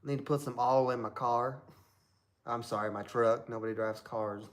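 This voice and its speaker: A man's voice: mid-range voice, steady tone, moderate pace. A man from Southern Indiana hosting a live stream, chatting casually in a rambling way with lots of fillers.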